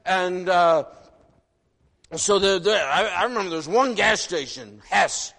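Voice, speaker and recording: A man in his sixties, originally from the northern United States, preaching a sermon in an animated, folksy way, full of rhetorical questions. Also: sits high, measured pace, vocal fry. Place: church sanctuary. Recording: long reverb of a large hall.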